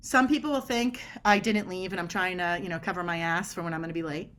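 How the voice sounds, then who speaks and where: A woman's voice: fairly low pitch, fairly even intonation, fast, a bit bright. A middle-aged woman guest on a podcast interview, explaining body language in an emphatic way and acting out quoted dialogue.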